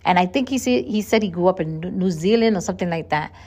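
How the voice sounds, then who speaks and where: A woman hosts a casual solo podcast, speaking quickly in a fairly low, darkish voice. She sounds chatty and earnest, often restarting and repeating her words.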